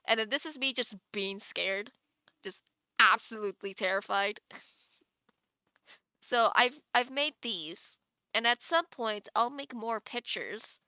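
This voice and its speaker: A woman's voice: on the high side, slow, long pauses, sharp tone, smooth, no echo, studio quality. A woman streamer chatting casually on a live stream, giggling often and rambling with many restarts.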